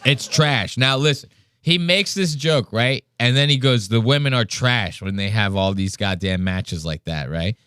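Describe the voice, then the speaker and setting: Profane, animated podcast host. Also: male voice, medium pitch, moderate pace, clear, resonant tone, no room sound. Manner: profane, animated, mimics people mid-story. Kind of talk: casual podcast chat.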